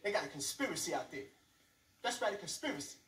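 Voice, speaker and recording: A man's voice: high voice, big pitch swings, fast, fairly bright tone. A man voicing his paranoid older brother, who rants and preaches as he paces. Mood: ranting. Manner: preachy, ranting. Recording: roomy club sound from far off.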